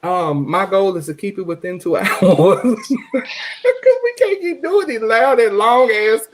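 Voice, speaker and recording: A man hosts a loose online group chat, cracking jokes and swearing as he goes. His voice sits a little high and swings widely in pitch. He sounds loud and playful. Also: sing-song, takes it slowly, slight background noise. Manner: loud, joking, swears freely. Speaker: podcast host.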